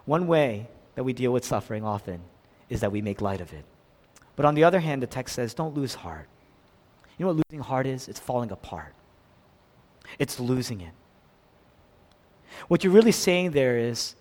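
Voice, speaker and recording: A man's voice: very animated, normal speed, pauses often, darkish tone. Man preaching in an echoing hall. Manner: dynamic preaching, acts out quotes with big swings in pitch and volume. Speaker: pastor. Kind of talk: sermon. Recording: long reverb of a large hall.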